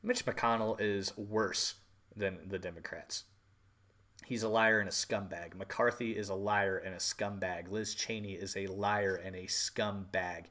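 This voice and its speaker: A man's voice: deep voice, steady tone, unhurried, sharp tone. A man hosting a podcast, delivering an angry, profane political rant with emphatic repetition. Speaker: podcast host.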